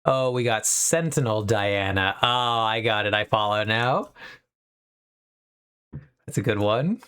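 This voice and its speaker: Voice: medium pitch, takes it slowly, fairly bright tone, clean tone. A young adult live streamer chatting casually and rambling with upbeat asides, from a home streaming setup.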